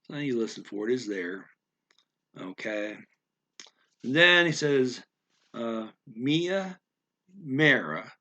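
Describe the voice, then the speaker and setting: A man explaining words of a story in an unscripted lesson, thinking aloud with many fillers and repeating words slowly to practice how they sound. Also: mid-range voice, lively intonation, bright, forceful tone. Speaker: language learner explaining vocabulary.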